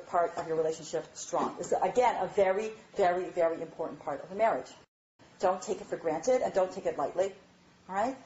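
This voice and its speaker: A woman giving a lively, chatty lecture on marriage, often checking in with her audience. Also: medium pitch, slight background noise. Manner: animated, chatty, asks "all right?" often. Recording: dull, roomy hall recording.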